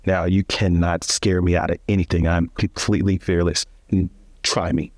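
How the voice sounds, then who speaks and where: Guy with a lowish voice telling his story in an interview, earnest, restarts a lot, dry close sound. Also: level tone, normal speed, darkish tone, no room sound. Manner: earnest, reflective, with frequent restarts and emphatic rises. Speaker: interview guest.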